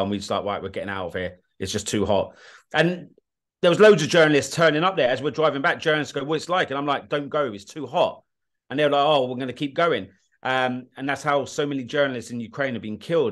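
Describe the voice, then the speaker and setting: British man, podcast guest, blunt and animated storyteller with a mid-pitched voice. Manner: animated, blunt, swears, often asks "do you know what I mean". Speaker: guest, war documentary filmmaker. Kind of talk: casual interview storytelling.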